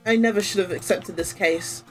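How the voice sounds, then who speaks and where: A woman's voice: medium pitch, fairly quick, soft background music, close to an everyday voice. A woman voicing a nervous young female rookie lawyer, talking hesitantly. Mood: anxious. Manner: hesitant, anxious.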